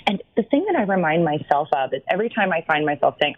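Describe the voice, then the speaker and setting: A woman's voice: on the low side, sing-song, brisk. A woman guest talking about wellness in casual chat, earnest and encouraging, sometimes acting out an inner voice. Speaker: podcast guest, wellness coach. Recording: dry, dull lo-fi line.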